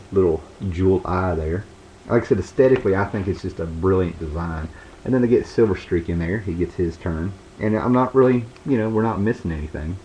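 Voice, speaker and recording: A man's voice: low-pitched, dark tone. A man casually showing and reviewing old comic books, rambling with lots of fillers and restarts. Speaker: comic book video host. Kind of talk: casual show-and-tell review. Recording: dull lo-fi home recording with faint background hiss.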